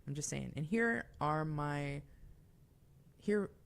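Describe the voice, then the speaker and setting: A woman's voice: deep voice, lively intonation, slow, vocal fry. A young woman hosting a call-in radio show, talking in a chatty, confiding way with fillers and asides. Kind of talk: casual call-in radio talk.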